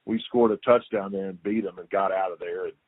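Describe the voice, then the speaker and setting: Heard over a dry, tinny phone line with no echo, this older former football player has a low, husky voice and a brisk delivery. As a guest in a casual interview, he spins stories with energy, repeating himself and performing the quotes.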